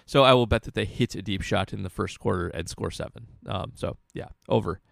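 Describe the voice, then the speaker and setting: A man co-hosting a sports podcast, analyzing football in a casual, halting way with frequent restarts. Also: on the low side, vocal fry, no room sound, clean studio sound.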